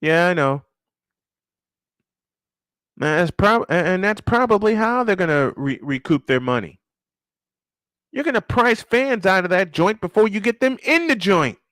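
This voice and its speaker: A man's voice: high voice, animated, measured pace, long pauses, a bit bright, no room sound, clean studio sound. A man hosting a casual live-stream sports show, ranting and firing off rhetorical questions, repeating his points for emphasis.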